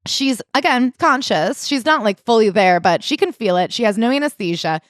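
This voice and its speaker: A woman co-hosting a casual book-club podcast, retelling a story in an animated way with quoted voices. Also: fairly high pitch, moderate pace, no echo, studio quality. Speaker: podcast co-host.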